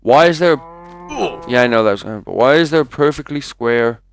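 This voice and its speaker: Here a gaming commentator with a slightly high, gravelly voice speaks at a moderate pace. He rambles through live let's-play commentary while playing a video game, chatting away and letting out jumpy exclamations.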